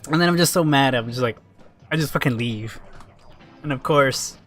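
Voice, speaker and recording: A man's voice: medium pitch, moderate pace. A man live-streaming a shooter game, talking off the cuff in a mid-range voice. He rambles loosely, swears a lot and laughs at his own stories. Faint music plays under his voice. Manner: rambling and swearing, with laughs and sudden excited yells. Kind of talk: casual live-stream chat while gaming.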